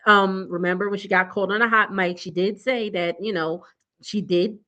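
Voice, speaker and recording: A young woman talks through a reality show recap in a loose, chatty way. Her voice sits at an ordinary middle pitch, and she is blunt and quick to laugh as she speaks straight to her viewers. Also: steady tone, bright, forceful tone, lo-fi sound. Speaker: TV recap vlogger. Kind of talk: casual recap chat.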